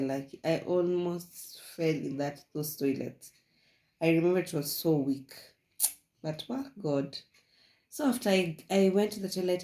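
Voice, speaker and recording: Recorded in an echoey room, this young woman's voice sits low with a dark tone. She's a vlogger recounting her own story casually, wandering and repeating points between frequent laughs.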